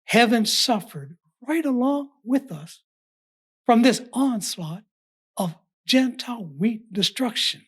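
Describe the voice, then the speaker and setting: A woman delivering a scripted Bible study sermon in a measured, emphatic, formal way. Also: on the high side, lively intonation, husky. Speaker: preacher.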